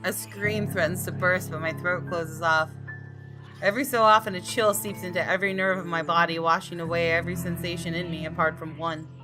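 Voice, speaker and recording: A woman's voice: lowish voice, steady tone, a little fast, over music, close to an everyday voice, low-quality recording. A woman reading aloud the first-person narration of a tense young man in a visual novel, in her own voice without putting on another.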